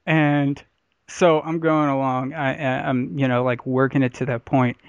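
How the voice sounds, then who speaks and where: A man's voice: medium pitch, little pitch movement, unhurried, clean tone, dry recording. Male podcast host, storytelling, a bit muffled and dry. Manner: laughs often while telling stories. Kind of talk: crude casual storytelling.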